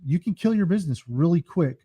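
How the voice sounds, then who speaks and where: A man who is a brand strategist, a guest on a casual podcast interview, telling stories in an animated way with jokes. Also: on the high side, a little fast, slightly rough, no echo. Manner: animated storyteller, jokes around.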